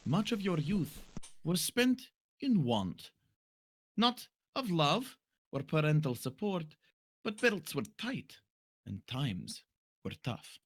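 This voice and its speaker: A man voicing a mysterious female fortune teller reading tarot cards, slow and portentous. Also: fairly high pitch, big pitch swings, breathy edge, pitched above the performer's own voice, heavily acted. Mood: solemn. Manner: slow, solemn, portentous delivery.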